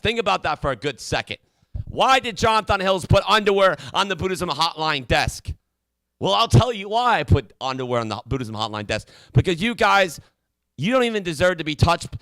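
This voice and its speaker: A man's voice: on the high side, a bit bright, no room sound. A man hosting a mock call-in show, ranting in an indignant, preachy way and stammering often. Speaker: comedy call-in show host.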